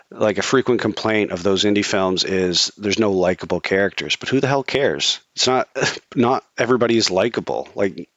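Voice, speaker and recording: A man's voice: deep voice, fairly bright tone, no echo, dull audio. A man co-hosting a casual chat, opinionated and swearing freely, with many restarts. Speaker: podcast co-host.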